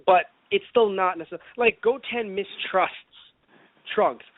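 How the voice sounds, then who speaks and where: A man's voice: high-pitched, normal speed, no room sound. A man co-hosting a casual anime review podcast, rambling with lots of "you know" and the odd swear. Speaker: podcast co-host. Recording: dry, phone-like lo-fi recording.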